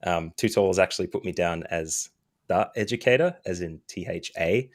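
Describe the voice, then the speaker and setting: A man's voice: low voice, moderate pace. A man co-hosting a gaming podcast, chatting casually in a wry, self-deprecating way and laughing often. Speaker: podcast co-host.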